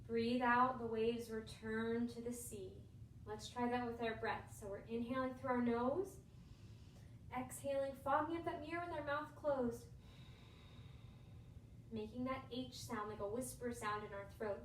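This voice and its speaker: A woman teaching yoga to children, calm and encouraging, slowing down to guide their breathing. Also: sits high, slight background noise. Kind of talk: gentle guided instruction for children. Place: indoor room with a yoga mat. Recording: echoey room, voice a bit far from the mic.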